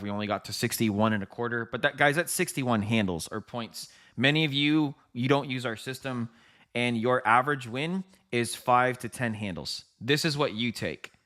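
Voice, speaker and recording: A man with a medium-pitched, slightly bright voice runs a live trading stream. He talks to his viewers directly in a chatty way, commenting on the markets and laughing frequently.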